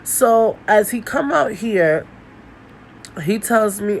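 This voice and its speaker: A woman's voice: on the high side, lively intonation, normal speed, a little hiss or hum, low-quality recording. A young woman telling a story about her dating life in a casual vlog. She talks bluntly and animatedly, swears, and laughs often. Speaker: storytime vlogger.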